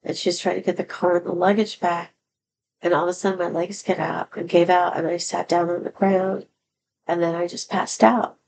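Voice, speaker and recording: A woman's voice: lowish voice, little pitch movement, normal speed, gravelly, a little mellow, slight background noise, rough recording. A woman telling a personal story in a candid, rambling way, with many fillers and restarts. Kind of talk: casual storytelling monologue.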